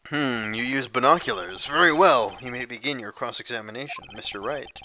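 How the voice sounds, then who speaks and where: A man's voice: mid-range voice, fairly quick, bright, forceful tone, a little hiss or hum. A man voicing an older male courtroom judge, reading game lines in a hesitant, formal way.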